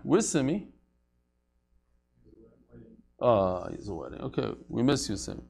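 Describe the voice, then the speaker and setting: A man teaching a casual Talmud class, joking as he goes and chanting the quoted passages. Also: on the high side.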